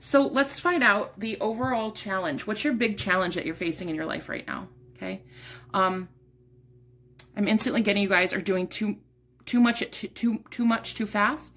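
A woman's voice: medium pitch, a bit bright. A young woman giving a casual tarot card reading, chatty and rambling, a little out of breath. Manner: chatty, rambling, restarts words, swears casually. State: a bit out of breath. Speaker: tarot reader.

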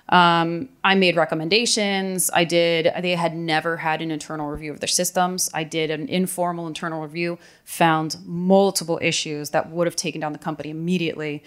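A woman's voice: fairly low pitch, flat delivery, moderate pace, a bit bright, smooth. A woman on a conference panel, telling her story candidly and acting out what people said to her. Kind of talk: panel discussion. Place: conference room.

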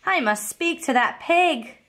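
A woman voicing a friendly, gentle wolf builder in a storybook, polite and concerned. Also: sits high, expressive, measured pace, pitched above the performer's own voice. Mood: kindly.

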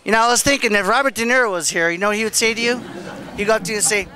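A man's voice: high voice, very fast, a crowd in the background. A man hosting comedy street interviews outdoors at a beach, playful and teasing. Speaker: comedian host.

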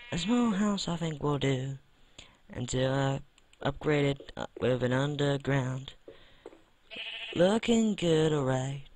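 A man's voice: mid-range voice, lively intonation, slow pace, darkish tone, slight background noise. A man from the UK giving casual, rambling commentary while playing a game, with mild swearing. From United Kingdom. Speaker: let's play gamer.

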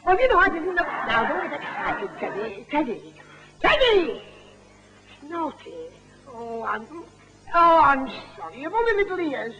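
A man's voice: very high voice, very animated, normal speed. A man from England with a Lancashire accent, performing a music hall puppet sketch in a fussy, coaxing manner. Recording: dull, faintly noisy 1950 film soundtrack.

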